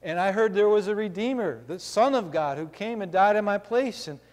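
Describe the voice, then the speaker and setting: A man preaching a sermon with a somewhat high-pitched voice. He reads scripture slowly, then explains it with simple everyday examples. His voice carries a long reverb, as in a church hall. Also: animated, darkish tone. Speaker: pastor.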